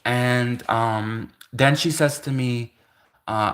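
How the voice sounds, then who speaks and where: A man in his thirties with a bright, forward voice hosts a livestream and tells a story in a loose, wandering way. He keeps correcting himself mid-sentence and scatters "like" through his talk, laughing between thoughts. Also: medium pitch, steady tone, normal speed. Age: 30s. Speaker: livestream host. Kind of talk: rambling casual storytelling.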